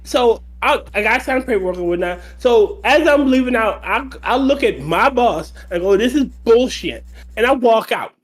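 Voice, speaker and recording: Man telling a halting work story. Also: extremely high pitch, animated. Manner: halting, profane storytelling with restarts. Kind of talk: casual storytelling chat.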